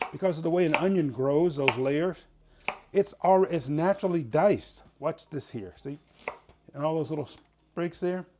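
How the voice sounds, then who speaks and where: A man's voice: fairly high pitch, background noise. A man hosting a casual home cooking show, chatting folksily as he explains each step in his kitchen.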